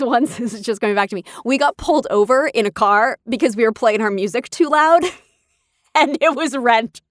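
Chatty, emotional woman, higher voice. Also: dry recording, clean studio sound. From California. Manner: chatty, emotional, laughs often. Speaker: podcast host. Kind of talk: personal storytelling.

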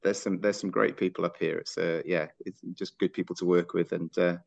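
Man, very low, gravelly, fast-talking, friendly chat. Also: level tone. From Scotland. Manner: friendly, rambling, restarts often. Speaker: tourism industry guest. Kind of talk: casual chat on a video call.

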